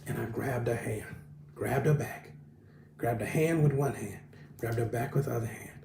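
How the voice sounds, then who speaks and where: A pastor, preaching an animated sermon and calling out to the congregation. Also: male voice, mid-range voice, normal speed, vocal fry. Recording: echoey room with faint background noise.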